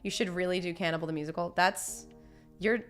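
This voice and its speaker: A woman's voice: fairly low pitch, fairly even intonation, a little fast, faint music behind. A young woman chatting casually on a live stream, reading chat messages, laughing often and talking with lots of restarts. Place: home.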